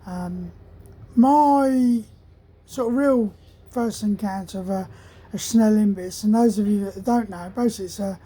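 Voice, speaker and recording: Husky woman in her sixties. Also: mid-range voice, a little slow, dark tone, poor audio. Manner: rambling, hesitant, with many ums and restarts. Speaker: army veteran storyteller. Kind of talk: casual spoken anecdote.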